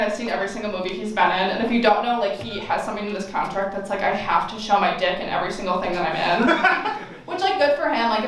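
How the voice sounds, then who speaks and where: A young woman doing a stand-up comedy set, telling stories in a sarcastic, playful way. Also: mid-range voice. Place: campus forum room with audience. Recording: echoey room from far off. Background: audience laughter.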